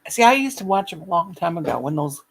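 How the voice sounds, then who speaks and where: A woman's voice: lowish voice, big pitch swings, fast talker, gravelly, crowd noise. A woman hosting a casual chat show, talking in a folksy way with endearments and homespun sayings. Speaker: show host.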